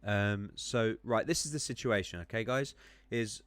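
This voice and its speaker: A man's voice: lowish voice, measured pace, fairly bright tone, no echo. A man running a live stream on crypto charts, chatting with viewers, rambling with many ums and self-corrections while clicking around.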